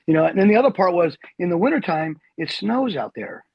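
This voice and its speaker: An army veteran in his fifties tells stories quickly and with slangy energy. His voice is high for a man and a bit husky. The recording is dry, dull and lo-fi. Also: no room sound. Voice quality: animated, slangy, says "dude". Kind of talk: casual storytelling.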